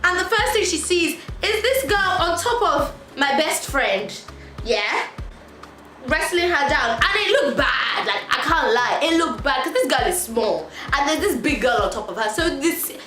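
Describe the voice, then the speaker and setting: A woman vlogger telling a story in an animated way, laughing as she goes. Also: high-pitched, a little slow. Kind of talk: storytime vlog. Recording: echoey room, faint music.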